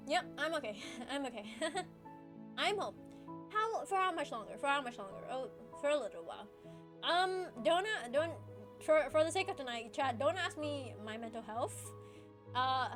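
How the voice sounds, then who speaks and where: A high, swooping woman's voice talks casually to her stream while crying, breaking into laughter through the tears. She apologizes often and stumbles over restarts. Soft background music plays faintly behind her. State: tearful, crying while talking. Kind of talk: casual live-stream chat to viewers.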